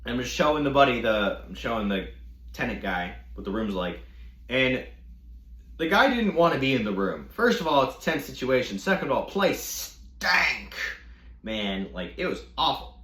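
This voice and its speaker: A young man telling a storytime rant with animated, profane delivery. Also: medium pitch, normal speed. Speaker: vlogger. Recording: echoey room.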